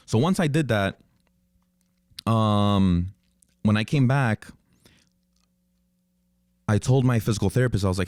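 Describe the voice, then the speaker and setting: A man's voice: on the low side, unhurried, pauses often, a little mellow, no room sound, clean studio sound. A young man hosting a podcast, telling a personal story in a casual, rambling way with frequent swearing and restarts. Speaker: podcast host.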